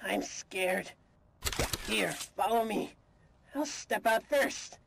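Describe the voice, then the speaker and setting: Scared cartoon chicken, hesitant, noisy track. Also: female voice, medium pitch, very slow, gravelly, full character voice. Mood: nervous. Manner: anxious, hesitant. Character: nervous toy chicken, timid. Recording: noisy recording.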